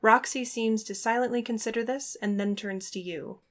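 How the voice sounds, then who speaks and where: A woman reading a fan fiction story aloud as narrator, steady and expressive. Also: a little high, normal speed.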